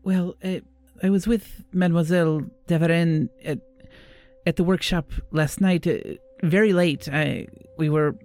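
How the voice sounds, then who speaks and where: A man's voice: a little high, steady tone, measured pace, a little mellow, pitched above the performer's own voice. A man voicing a nervous, shaken young woman who works as a seamstress's apprentice, stammering and close to tears.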